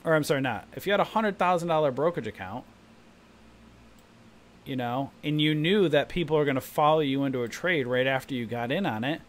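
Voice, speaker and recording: A trading room host talks through charts during live market commentary, livening things up by playing the part of panicky beginner traders. He speaks with medium pitch and a moderate pace.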